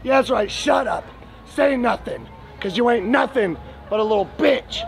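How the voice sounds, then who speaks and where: A young man heckling on the street, profane and mocking, shouting insults. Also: very high voice, normal speed, vocal fry, soft background music, some chatter behind.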